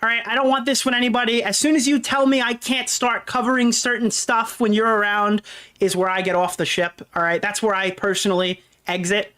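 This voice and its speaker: A man's voice: high voice, flat delivery, a little fast, bright, forceful tone, smooth. A man in a played clip giving a defensive monologue. He sounds aggrieved and argumentative, stopping often on fillers.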